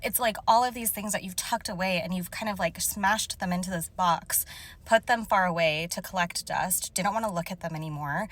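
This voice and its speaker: Speaking from a car, a young woman acting as a spiritual channeler casually describes images to viewers, emotional and halting, with lots of fillers. Her voice is on the low side and a bit bright.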